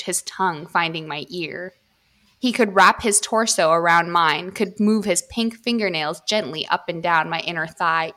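A woman podcast host reading erotic fiction aloud, steady in her reading and joking between passages. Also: on the low side. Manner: reads steadily, breaks off to joke.

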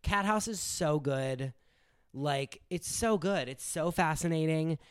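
A man's voice: a little high, slow pace, clear, resonant tone, dry recording, clean studio sound. A young man hosting a podcast, chatting casually and rambling with lots of filler words. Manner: rambling, many "like" fillers, animated. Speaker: podcast host. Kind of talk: casual chat.

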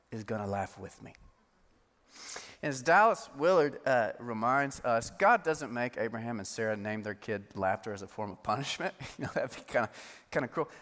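A man preaching a sermon in a loose, joking, conversational style. His voice is high for a man, and it rings out with a long hall reverb. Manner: humorous, conversational, animated preaching. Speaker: pastor.

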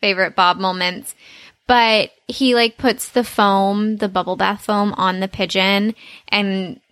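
A woman's voice: medium pitch, fairly even intonation, a little slow, a bit bright, no echo, clean studio sound. A woman co-hosting a podcast, chatting playfully about a cartoon episode and laughing easily. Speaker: podcast co-host.

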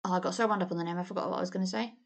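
A woman's voice: lowish voice, fairly even intonation, very fast, gravelly. Chatty, blunt woman co-host. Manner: chatty, trails off and restarts, blunt and sweary. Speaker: podcast co-host. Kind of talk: casual film chat.

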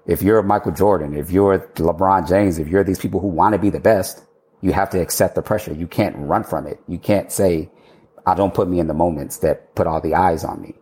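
A man with a low, dark, mellow voice recounting his career as a guest in a relaxed interview. He slips into his past self's words as he goes, laughs often and doesn't hold back the swearing. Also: a little fast. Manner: animated, quotes himself, swears and laughs freely. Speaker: architect guest. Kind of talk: casual storytelling interview.

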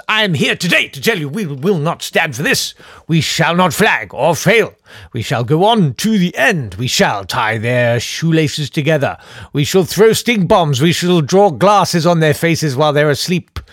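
A man's voice: a little high, sing-song, moderate pace, fairly bright tone, no echo, clean studio sound. A man putting on a pompous, blustering male politician who declaims a grand rallying speech in a comic sketch. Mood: rousing.

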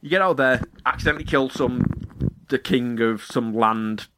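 Casting note: chatty man telling rambling stories, mid-pitched voice, swears a lot, jumps into silly voices. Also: normal speed, background noise. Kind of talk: casual chat.

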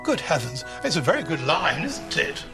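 A man's voice: a little high, big pitch swings, normal speed. A man playing a jolly, chatty elderly Santa, old-fashioned and a little bumbling. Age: older. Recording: distant TV clip with music. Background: music.

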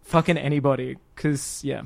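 A man's voice: mid-range voice, fairly even intonation, moderate pace, vocal fry, no room sound, clean studio sound. A man co-hosting a podcast in casual chat, joking and swearing with laughing asides. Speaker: podcast co-host.

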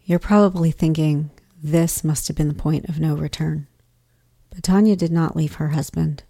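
A woman narrating a podcast story in a measured, scripted way. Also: deep voice, gravelly. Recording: loud guitar music beneath.

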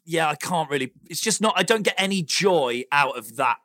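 A man hosting a podcast, chatty and quick to laugh. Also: on the high side, lively intonation, fairly bright tone. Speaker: podcast host. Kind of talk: casual podcast chat.

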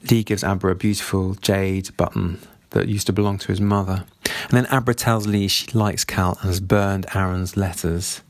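A man calmly talks through a novel and reads passages from it in a measured way. His voice is low, and the recording is dry and close. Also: dry recording. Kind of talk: reading and commenting on a novel.

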